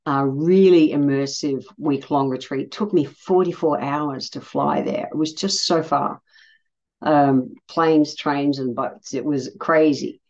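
A middle-aged Australian woman hosts a podcast and tells a personal story casually and bluntly, swearing freely and livening up when quoting others. Her voice sits low, she takes it slowly, and the sound is lo-fi.

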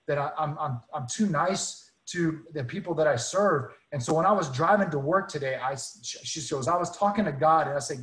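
Earnest male speaker, higher voice, chatty testimony full of restarts, in a roomy space. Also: moderate pace, hardly any pauses, fairly bright tone. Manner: earnest, many restarts and repeated words. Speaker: guest speaker. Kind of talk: casual faith storytelling.

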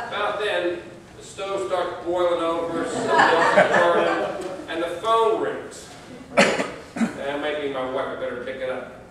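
A man's voice: fairly high pitch, unhurried, a crowd in the background. A man preaching a sermon as pastor, telling stories with folksy humor. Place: church sanctuary. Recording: distant mic in echoey church.

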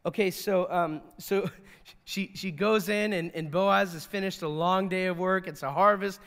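A high-voiced man preaches from the pulpit in an animated, conversational way, often stumbling and restarting as he goes. His voice carries a long reverb, as if he is in a large church sanctuary. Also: unhurried. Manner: animated, repeats and restarts words, acts out quotes. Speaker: pastor. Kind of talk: sermon.

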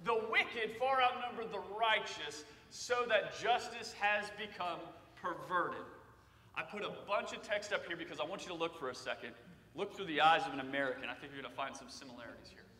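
Talking a little fast, a man with a bright, high voice preaches a sermon in a church sanctuary, shifting from easy conversation to loud cries on the passages he quotes. Recorded from a distance, the sound carries a long, echoing church reverb.

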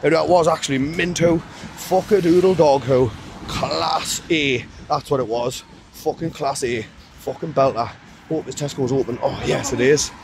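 A young man ranting excitedly in a casual vlog, swearing nonstop and full of slang. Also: fairly high pitch, unhurried, creaky, crowd noise. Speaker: vlogger. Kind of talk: rowdy casual vlog rant.

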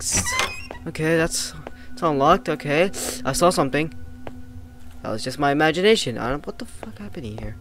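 A man giving casual, excitable let's-play commentary on a horror game, swearing, jumpy and talking back to the characters. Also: a little high, fairly quick. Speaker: gamer playing a horror game.

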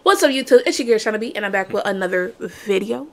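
A woman's voice: medium pitch, expressive, fast talker, heavy background noise. A woman hosting a reaction video in casual, slangy chat, laughing easily. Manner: playful, laughs often, slangy. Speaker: YouTube host.

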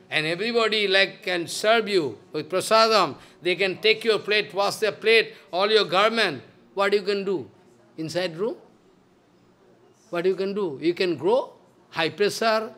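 Male spiritual teacher, high voice, emphatic scolding devotional sermon. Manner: emphatic and scolding, swinging between loud and hushed. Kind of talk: devotional lecture.

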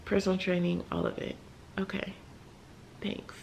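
A young American woman vlogging late at night, talking candidly and haltingly about a hard time, with sighs and small laughs. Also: lowish voice, little pitch movement, vocal fry, darkish tone, lo-fi sound, a little hiss or hum. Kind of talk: emotional late-night vlog talk.

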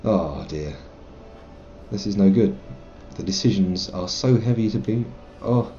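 A man's voice: lowish voice, a little slow, warm tone, lo-fi sound, a little hiss or hum. A man streaming a game live, musing and rambling about his choices and reading dialogue options aloud with some self-mockery. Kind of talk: live let's play commentary.

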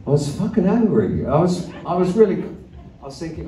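Mellow older man telling stage stories. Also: fairly high pitch, big pitch swings, normal speed, a little hiss or hum. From Australia. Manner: rambling, wry anecdotes with swearing and chuckles. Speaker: musician on stage. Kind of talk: stage banter between songs. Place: arts centre concert hall. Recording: echoey venue from a distant mic.

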